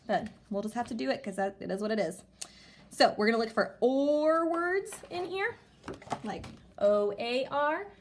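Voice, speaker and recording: Animated woman teaching young kids reading. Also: fairly high pitch. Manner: animated, sing-song reading aloud with big excited rises. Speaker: elementary school teacher. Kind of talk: remote reading lesson for young children.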